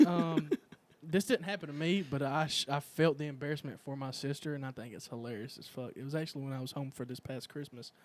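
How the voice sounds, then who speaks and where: A young man hosting a casual chat, telling profane stories and shouting out quoted lines. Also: medium pitch, steady tone, fast. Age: young adult. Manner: profane storytelling, loud acted quotes. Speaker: podcast host.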